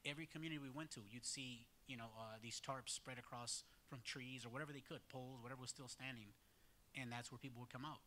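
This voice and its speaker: A man's voice: medium pitch, fairly even intonation, fast talker, sharp tone, a little hiss or hum. A man telling a church congregation about a relief trip, rambling with many fillers and restarts. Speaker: church mission volunteer. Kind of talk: casual storytelling to a congregation.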